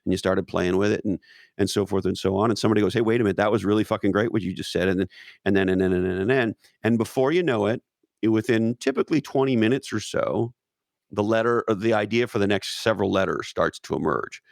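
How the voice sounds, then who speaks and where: Gravelly low-voiced man, emphatic and profane. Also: quick pace, no echo, studio quality. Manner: profane, repetitive restarts, emphatic. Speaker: guest. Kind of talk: casual interview talk.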